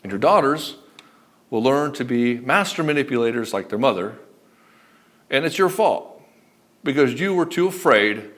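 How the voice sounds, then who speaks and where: A relationship coach gives direct-to-camera advice in a medium-pitched, slightly bright voice, animated and at a moderate pace with frequent pauses. He's blunt and emphatic, swearing often.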